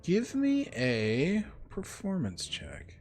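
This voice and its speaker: A man running a tabletop role-playing game as game master, casual and swearing when excited. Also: high voice, takes it slowly, soft background music.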